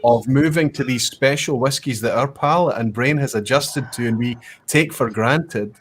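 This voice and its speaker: A man hosting a casual chat, talking in a measured, reflective way. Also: medium pitch, a little hiss or hum.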